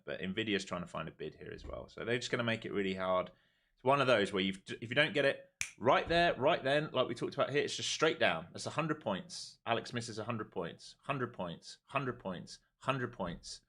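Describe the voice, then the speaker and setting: A man streaming his day trading live, talking through charts calmly and then groaning and swearing at the market when it moves against him. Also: on the low side, creaky. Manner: swings from calm chart talk to exasperated outbursts at the market.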